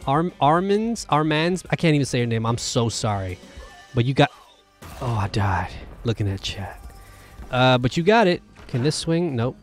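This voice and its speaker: A man hosting a live gameplay stream, commentating in an excitable, rambling way, with lots of exclamations. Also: mid-range voice, moderate pace, soft background music. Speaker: gaming video host.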